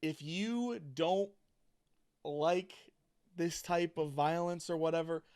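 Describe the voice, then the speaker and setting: Upbeat higher-voiced male podcast host. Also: slow pace, darkish tone, smooth. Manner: upbeat, laughing, hypes things up. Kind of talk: casual sports chat.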